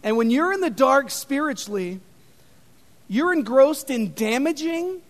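Very high-voiced preacher man. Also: a little slow. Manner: animated, conversational storytelling with many fillers. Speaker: pastor. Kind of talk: sermon. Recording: long reverb of a large hall.

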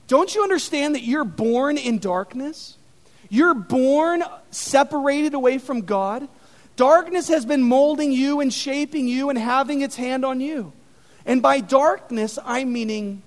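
Very high-voiced preacher man. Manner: animated, conversational storytelling with many fillers. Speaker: pastor. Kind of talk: sermon. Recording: long reverb of a large hall.

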